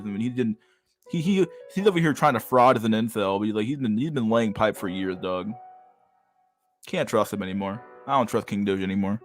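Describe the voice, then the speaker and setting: Young man, livestream host, low voice, crude, profane, casual chat. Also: animated, a little fast, faint music behind.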